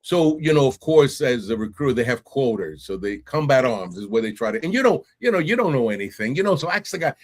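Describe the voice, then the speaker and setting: A middle-aged man from New York, a podcast guest telling his stories in casual, animated talk, often laughing and acting out voices. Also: mid-range voice, fast talker, few pauses. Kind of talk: casual interview storytelling.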